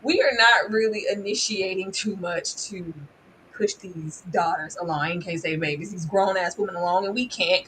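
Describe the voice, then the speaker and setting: A woman giving casual, animated commentary on a reality show, laughing often and mimicking people with exaggerated voices. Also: fairly low pitch, slight background noise, poor audio. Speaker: reality TV reviewer.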